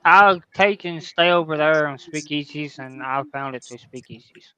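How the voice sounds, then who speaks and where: A man's voice: on the high side, moderate pace, bright, forceful tone, clean tone, no room sound, highs cut off. A man as a guest on a live stream chat, answering hesitantly with many uhs and restarts.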